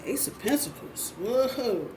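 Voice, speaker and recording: A woman's voice: a little high, big pitch swings, slow. Blunt, profane woman reading tarot. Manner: blunt, profane, repeats phrases for emphasis. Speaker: tarot reader. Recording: roomy, distant mic, faint background noise.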